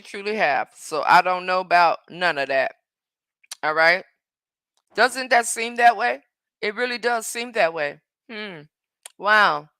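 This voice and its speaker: With a bright, mid-range voice on a dry recording, a woman live-streamer goes through viewer comments in casual chat. Her manner is sassy and ready for a fight, full of long "mm-mms" and words like "baby" and "honey."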